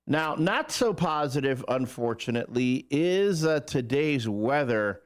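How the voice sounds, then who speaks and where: A man's voice: medium pitch, lively intonation, unhurried. Jokey male morning radio host. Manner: jokey, rambling, with playful asides. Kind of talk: casual morning radio banter and weather report. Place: radio studio.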